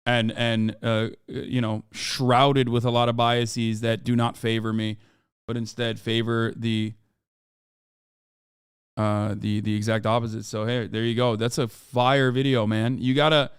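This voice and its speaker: A man streaming live, reacting to a video in rambling, animated casual talk full of fillers. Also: medium pitch, unhurried, clean tone, dry recording, studio quality.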